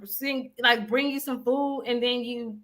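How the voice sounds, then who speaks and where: A woman's voice: a little high, fairly even intonation, a little slow, a bit bright. A woman co-hosting a casual chat who steers the talk and asks questions. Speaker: podcast co-host.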